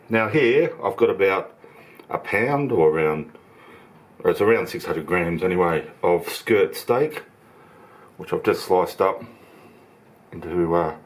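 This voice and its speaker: A man hosting his home cooking channel, talking through each step in a relaxed, chatty way from his kitchen. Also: deep voice. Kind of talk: casual cooking demonstration.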